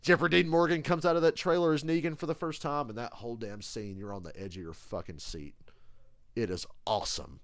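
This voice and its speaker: A man chatting casually on a live stream, telling stories in an animated, profane rant. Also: medium pitch, a little fast, no room sound. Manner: animated, profane, ranting storyteller. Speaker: streamer reacting live to a football game.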